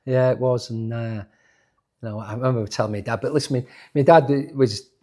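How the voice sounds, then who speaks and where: A man, a former footballer telling animated stories in an interview, often restarting his sentences. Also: medium pitch, a little fast. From Yorkshire, England. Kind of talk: casual interview storytelling.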